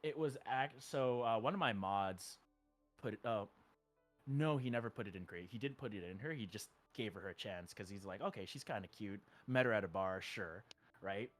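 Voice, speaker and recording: A man's voice: fairly low pitch, moderate pace, faint music behind. Rambling, chuckling streamer guy. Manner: rambling storytelling full of "like"; chuckles between sentences. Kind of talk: casual chat.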